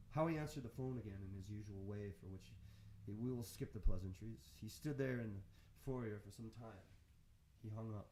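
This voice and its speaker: A man on a radio show reading the end of a story in a slow, reflective, spiritual tone. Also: fairly low pitch, warm tone, a little hiss or hum. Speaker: radio host finishing the story. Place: radio studio.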